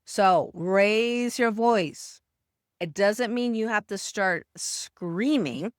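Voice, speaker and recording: A woman communication coach giving a motivational talk straight to the listener, with deliberate emphatic stresses. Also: mid-range voice, smooth, dry recording, studio quality.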